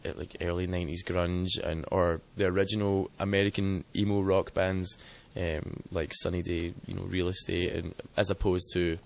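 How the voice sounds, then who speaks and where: A man's voice: low-pitched, flat delivery, moderate pace, vocal fry, few pauses. A man, a guitarist and singer, answering interview questions in a rambling, self-deprecating way. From Scotland.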